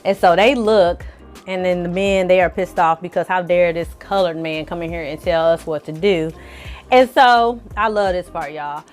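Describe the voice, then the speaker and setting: A woman casually recapping a TV episode for viewers, telling the story in a lively, slangy and profane way. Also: fairly low pitch, normal speed, soft background music. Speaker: film and TV reviewer.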